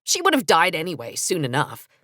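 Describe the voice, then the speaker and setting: A woman's voice: fairly low pitch, huge pitch swings, brisk, pushed and bright, dry recording, studio quality, voice pushed down, exaggerated voice. A woman voicing a cold, scheming male villain who taunts his captives. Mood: smug. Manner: sneering, taunting.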